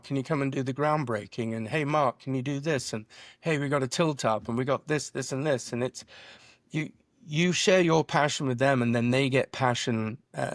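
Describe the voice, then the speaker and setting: A middle-aged man, guest on a podcast, telling lively work stories and acting out conversations in quoted voices. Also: medium pitch, no echo, clean studio sound. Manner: animated storyteller acting out dialogue. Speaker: guest, drone business founder. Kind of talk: podcast interview.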